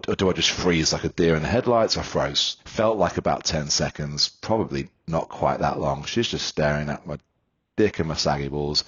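A man telling a funny anecdote in a deadpan way. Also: sits low, slightly rough. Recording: dull lo-fi sound.

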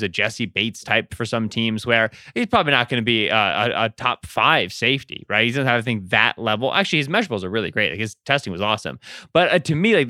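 Bright-voiced man talking football. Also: medium pitch, dry recording, clean studio sound. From Pennsylvania. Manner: animated, breaks into announcer voices. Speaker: podcast co-host, draft analyst. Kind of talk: casual chat.

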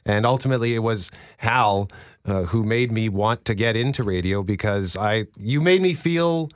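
A young adult man, a radio host who chats casually on air, upbeat and quick to laugh. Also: lowish voice, steady tone. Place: radio studio.

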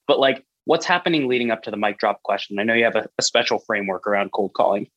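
A man's voice: on the low side, animated, quick pace, no echo, dull audio. A man hosting a podcast, asking his guest questions in a casual, conversational way. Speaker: podcast host. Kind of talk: podcast interview.

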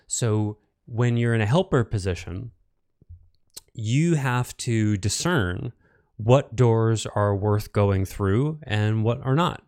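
A man's voice: fairly low pitch, darkish tone, no echo, clean studio sound. A middle-aged man who works as a coach, teaching a course in a reflective, conversational way with frequent fillers and self-corrections. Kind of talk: course recording.

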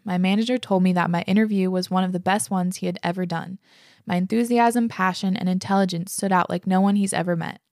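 A young woman hosts a casual podcast, reading listener letters aloud and talking them over with enthusiasm and plenty of swearing. Her mid-range voice is creaky with a darkish tone, recorded dry at studio quality.

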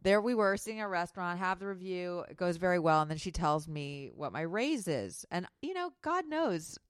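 Brief: woman author, low smooth voice, dry close mic, candid storyteller. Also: sing-song, moderate pace, no room sound. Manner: storytelling, candid and self-deprecating. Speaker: author, guest. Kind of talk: podcast interview.

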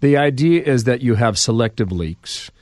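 A man hosting a podcast interview, asking probing questions with lively emphasis. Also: medium pitch, moderate pace, no echo, studio quality. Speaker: podcast host.

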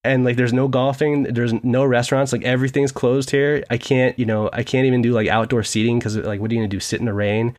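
A young man co-hosting a casual sports podcast from home, telling animated stories and laughing often. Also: medium pitch, quick pace, hardly any pauses. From United States. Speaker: podcast co-host.

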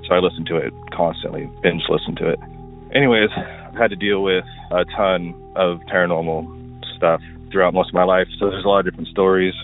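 Man, tinny phone line, low voice, rambling voicemail story full of fillers. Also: fairly even intonation, brisk, creaky, faint music behind. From Washington State. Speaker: caller.

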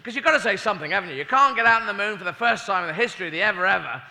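A male comedian on stage in a large theater, doing a rambling stand-up routine, swearing and acting out bits with shouts. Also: high-pitched, lively intonation, rapid-fire, gravelly. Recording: live hall reverb, faint crowd.

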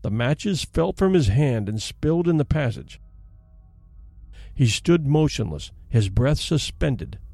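A male podcast host and storyteller reading a scripted classic tale in a dramatic, expressive way. His voice sits a little high for a man, and his pitch moves widely. Soft music plays faintly underneath.

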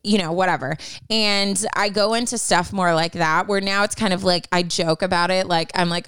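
A woman's voice: on the low side, fairly even intonation, moderate pace, few pauses, a bit bright, clean tone, no echo. A young woman in casual chat, giving candid advice with lots of fillers. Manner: candid, chatty, many fillers.

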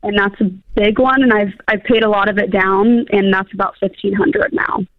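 A woman's voice: medium pitch, fairly even intonation, moderate pace, no echo. Young woman caller in her twenties, hesitant and earnest, tinny phone line, dry. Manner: earnest, hesitant, laughs nervously. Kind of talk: radio advice call.

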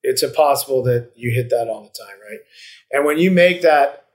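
A man's voice: medium pitch, moderate pace. Reflective man rambling with restarts. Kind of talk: casual chat.

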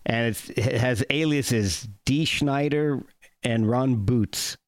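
Podcast host asking halting questions. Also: male voice, mid-range voice. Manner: halting questions, frequent laughter and repeats. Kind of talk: casual interview.

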